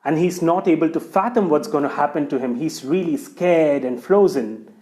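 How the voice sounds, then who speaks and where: Telling a folk tale in the oral tradition, a man addresses his audience directly with a lively delivery. His voice sits on the high side at a normal pace, and there's a faint hiss or hum in the recording.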